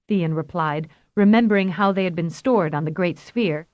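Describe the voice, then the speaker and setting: A woman narrating a science fiction audiobook in a steady, even reading voice. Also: on the low side, normal speed, few pauses. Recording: roomy echo.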